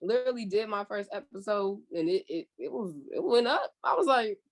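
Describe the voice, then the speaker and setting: Lively young woman from California telling a story. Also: mid-range voice, a little fast, slight background noise. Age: young adult. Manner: animated storyteller, swears freely, acts out her own past remarks. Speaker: podcast guest. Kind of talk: casual chat.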